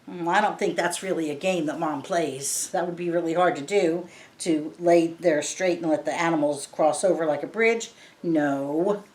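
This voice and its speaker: A woman's voice: deep voice, normal speed, a little mellow. A woman reading a picture book aloud to children, patiently explaining each word in simple terms. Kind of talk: read-aloud lesson for kids. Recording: roomy echo.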